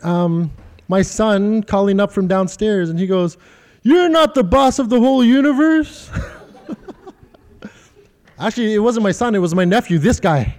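A middle-aged man preaching a sermon, telling stories with animation and asking the congregation questions. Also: sits high. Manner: animated storytelling, quoting others in funny voices, talks directly to the congregation. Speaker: pastor.

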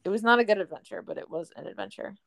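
A young woman in casual chat, telling a story in a relaxed way with lots of fillers. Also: mid-range voice, racing, gravelly, no echo.

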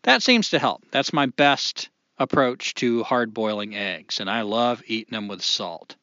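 A man's voice: medium pitch, unhurried, no room sound, muffled recording. A man in his forties co-hosting a podcast, chatting casually in a rambling way with lots of fillers. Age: 40s. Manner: rambling, animated, many fillers. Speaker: podcast co-host.

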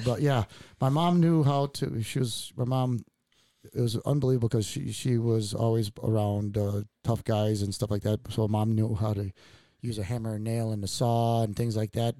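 A man's voice: mid-range voice, mellow, dry recording. A man hosting a podcast, telling family stories in a rambling, laughing way with many fillers. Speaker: podcast host. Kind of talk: casual heartfelt chat.

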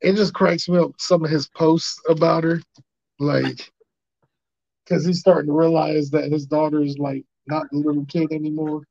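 A man's voice: on the high side, level tone, moderate pace, gravelly, a little mellow. A man hosting a podcast in casual, slangy banter with a guest. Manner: laid-back slangy banter. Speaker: podcast host. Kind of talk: casual chat. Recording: dull lo-fi sound.

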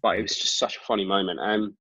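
A British man talking as a guest magician, telling stories in a lively way full of "like" fillers. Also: lowish voice, fast, breathy edge, no room sound. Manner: animated, lots of "like" fillers. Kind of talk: casual storytelling chat. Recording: dull dry lo-fi sound.

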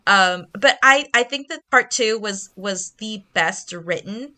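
A young woman co-hosts a book podcast and tells her reactions in a chatty, animated way. Her voice is bright and forward, and she uses plenty of casual fillers. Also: medium pitch, slow.

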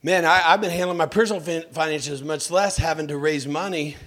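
A man's voice: a little high, fairly quick, fairly bright tone. A man preaching a sermon as a pastor. He tells stories about himself, asks his listeners direct questions and jumps into mocking voices.

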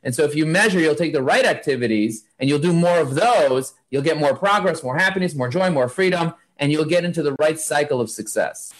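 A man talking as an interview guest in an energetic, preachy, motivational way, driving his points home with repeated lists. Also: on the high side, fairly quick, few pauses. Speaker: guest, marketing agency founder.

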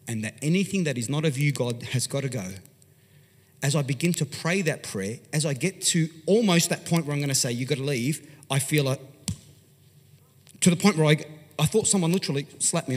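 An Australian pastor tells a story from the pulpit, chatty and animated, rising loud and dropping to a hush. His voice sits a little high and sounds husky. Long reverb from a large church hall trails behind every phrase. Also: brisk. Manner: animated, conversational, swings from loud to hushed. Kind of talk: storytelling sermon.

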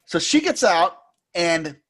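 A man co-hosting a podcast, recapping a film in a casual, jokey way and slipping into squeaky impressions. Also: slow pace. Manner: animated storyteller who puts on squeaky impressions; jokey, laughs often. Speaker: podcast co-host.

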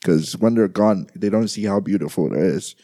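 A young man speaking in a halting, soft-spoken personal monologue, grieving and trying not to cry, often repeating his words. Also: low voice, breathy edge, no echo. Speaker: grieving brother addressing listeners.

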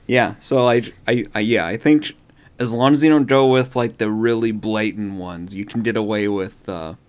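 A man co-hosting a casual podcast, making deadpan jokes in a mock-lecturing way. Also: lowish voice, moderate pace, clean tone. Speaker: podcast co-host. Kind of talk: casual chat.

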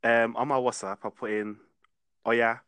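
A man's voice: medium pitch, level tone, moderate pace, a bit bright, smooth, no room sound. A man appearing as a podcast guest, evasive and dry with short answers. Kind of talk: casual podcast chat.

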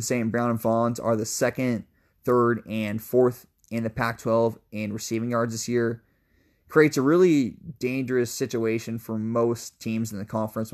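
A man's voice: mid-range voice, darkish tone. A young man co-hosting a college football podcast, giving emphatic, opinionated analysis in a casual, sometimes profane way. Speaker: sports podcast co-host.

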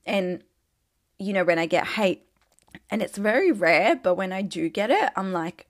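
A young Australian woman speaking in a relaxed, candid way, her voice carrying a gravelly fry. She talks like a social media creator, dropping "like" constantly and swearing without a second thought. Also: mid-range voice, measured pace, no room sound, clean studio sound. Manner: chatty, peppered with "like", swears casually. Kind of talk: casual candid chat.

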